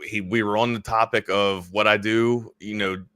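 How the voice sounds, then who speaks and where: A man's voice: on the low side, level tone, sharp tone, clean tone, dry recording, clean studio sound. A man co-hosting a sports talk show, chatting casually and rambling, often correcting himself mid-thought. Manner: rambling, self-correcting, quick asides.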